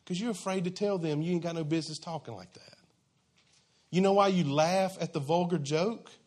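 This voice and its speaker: A man's voice: on the high side, a little fast, a little mellow. A man preaching a sermon in a conversational, emphatic, folksy way.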